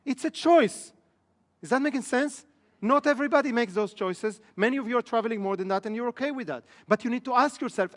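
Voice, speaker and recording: A business trainer with a very high, lively voice speaks quickly and with a fairly bright tone. He's giving a live seminar to an audience in a training room inside an echoey hall. Check questions to the room come up often.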